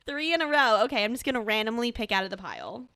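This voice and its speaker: Giggly young woman, bright voice. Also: a little high, expressive, fast talker. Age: young adult. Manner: giggly, chatty, upbeat. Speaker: podcast co-host. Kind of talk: casual chat. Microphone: podcast mic.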